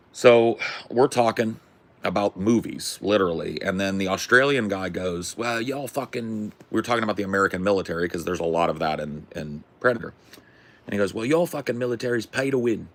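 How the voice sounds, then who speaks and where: A man hosting a podcast, telling a rambling story in a casual, profane, animated way. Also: deep voice, brisk. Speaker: podcast host.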